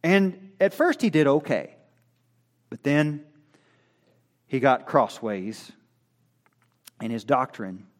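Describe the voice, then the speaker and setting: A man preaching a sermon, rising to loud declarations and dropping to quiet, low asides in a folksy, conversational way while reading from his notes. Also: sing-song, slow, pauses often. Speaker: pastor.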